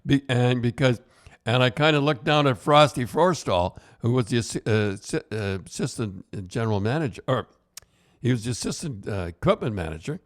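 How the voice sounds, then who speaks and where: A man's voice: medium pitch, animated, moderate pace. An older man, a podcast host and retired hockey coach, telling casual stories in a rambling way with many restarts. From Canada. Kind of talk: casual storytelling.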